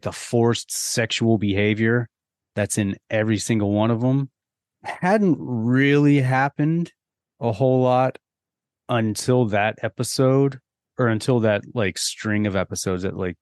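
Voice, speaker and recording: A man with a somewhat low voice co-hosts a casual podcast, commenting in a laid-back, exasperated way with plenty of swearing. The recording is close and dry. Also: a little mellow, dry recording. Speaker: podcast co-host. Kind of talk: casual chat.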